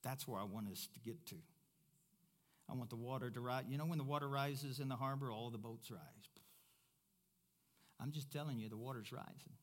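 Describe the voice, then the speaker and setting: A man preaching a sermon as pastor, first loud and emphatic, then quieter and conversational. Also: medium pitch, a little fast, pauses often.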